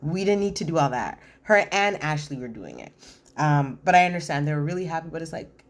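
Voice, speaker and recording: A woman's voice: low voice, lively intonation, brisk, a little hiss or hum. A woman giving a casual reality TV recap, chatty and opinionated, acting out what people said with lots of "like.". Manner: chatty, acts out quotes with many "like"s.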